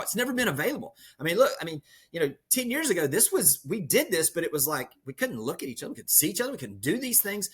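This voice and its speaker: Husky man, fairly high voice, motivational podcast guest, energetic storyteller. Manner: energetic storyteller who uses metaphors. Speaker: podcast guest, real estate leader. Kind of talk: motivational conversation.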